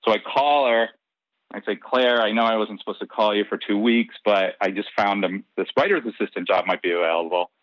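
A man being interviewed tells a long personal anecdote in a casual, animated way, acting out the dialogue and laughing between lines. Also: lowish voice, a little fast, dry recording. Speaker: interview guest. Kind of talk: casual storytelling. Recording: dull, lo-fi dry recording.

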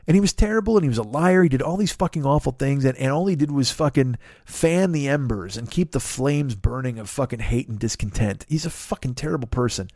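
A man's voice: medium pitch, animated, a little fast, hardly any pauses, a little mellow, no echo, studio quality. A man hosting a podcast, delivering an exasperated, profane comedic rant and swearing constantly. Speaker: podcast host.

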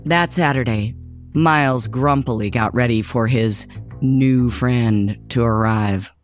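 Slow, expressive male storybook narrator. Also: medium pitch, soft background music. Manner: expressive, measured. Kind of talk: scripted children's story narration.

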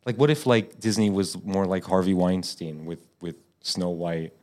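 A man hosting a parody business podcast, joking with mock confidence. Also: normal speed. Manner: mock-confident, joking, lively swings in pitch. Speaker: podcast host.

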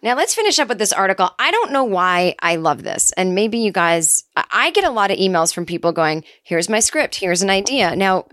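A middle-aged woman hosting a comedy podcast, telling an absurd story in a casual, deadpan way with quick asides. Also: medium pitch, dry recording, clean studio sound.

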